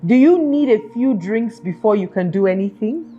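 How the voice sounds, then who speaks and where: A woman's voice: medium pitch, animated, moderate pace, lo-fi sound. A woman hosting a self-help talk show, earnestly asking her listeners one rhetorical question after another. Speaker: podcast host.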